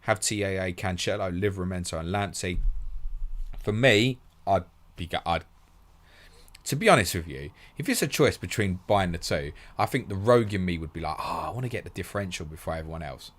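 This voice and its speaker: A man hosting a live stream, briskly reading listener questions aloud and answering them in a matey, casual way. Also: sits low, lively intonation. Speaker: podcast host.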